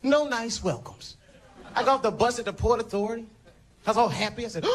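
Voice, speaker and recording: A man's voice: very high voice, expressive, normal speed. A man performing a stand-up routine on a comedy stage, telling stories animatedly and jumping into character voices. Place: comedy stage before a live audience.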